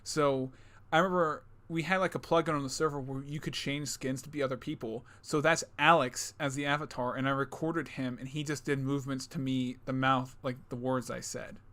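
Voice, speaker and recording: A young man co-hosting a casual reaction chat, excitable and swearing, talking over a call. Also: mid-range voice, fairly quick. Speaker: channel co-host. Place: home, remote call.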